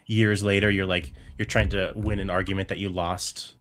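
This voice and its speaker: A man's voice: deep voice, flat delivery, normal speed, a loud crowd. A man chatting casually on a live stream in a playful, teasing way. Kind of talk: casual chat.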